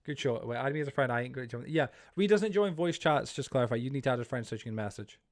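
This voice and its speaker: A man's voice: mid-range voice, expressive, quick pace. A man streaming live, chatting casually and rambling to his viewers while he plays, easily startled. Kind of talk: casual livestream chat while gaming.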